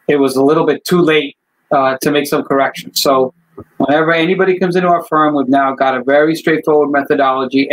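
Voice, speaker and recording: A man, an attorney, speaking as a guest on a video call in a casual interview, animated when telling a story. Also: medium pitch, rough recording. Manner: animated storyteller, acts out voices in jokes. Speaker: estate planning attorney, guest. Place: law office.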